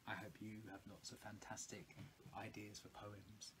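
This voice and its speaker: A man voicing a gentle, caring pencil case in a soft, hushed way. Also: on the low side, little pitch movement, moderate pace, background noise, close to an everyday voice. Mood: tender.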